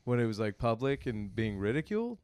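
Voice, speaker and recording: A male co-host riffs loosely on a comedy podcast, laughing through his own lines as he rambles into crude jokes. His voice sits at an ordinary middle pitch. It is recorded dry and close, with no room sound. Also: big pitch swings, a little fast, a little mellow, clean tone, no room sound. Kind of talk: casual comedic chat.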